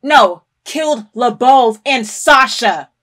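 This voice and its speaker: A woman hosting an anime reaction video, talking back at the screen and bursting into loud, emotional outbursts with cursing. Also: on the high side, lively intonation, takes it slowly. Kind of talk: reaction commentary.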